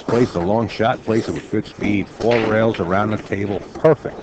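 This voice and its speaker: A man commentating a live pool match, calmly explaining shot options and cue ball position. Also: fairly low pitch, moderate pace, crowd noise, low-quality recording.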